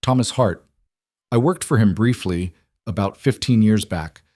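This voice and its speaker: A man playing a quiet, steady rancher who speaks in a measured, matter-of-fact way. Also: fairly low pitch, no echo, studio quality. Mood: earnest.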